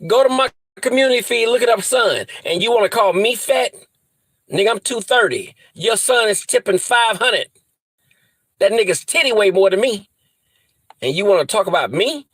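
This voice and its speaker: A man's voice: sits high, animated, moderate pace, a bit bright, husky, dry recording, low-quality recording. A man ranting angrily to his viewers, profane and threatening, repeating insults over and over. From US Midwest. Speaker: vlogger. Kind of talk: angry rant to camera.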